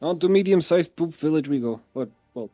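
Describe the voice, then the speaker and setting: A man playing a tabletop game, joking around and thinking out loud in casual chat. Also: on the high side, lively intonation, brisk, dry recording, soft background music. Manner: joking, easygoing, thinks aloud.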